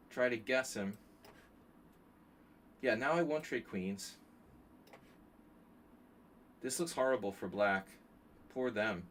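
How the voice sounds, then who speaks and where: A man's voice: fairly low pitch, fairly bright tone, slight background noise. A man streaming blitz chess, thinking aloud through his moves and chatting with viewers as he plays. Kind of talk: live stream commentary while playing blitz chess.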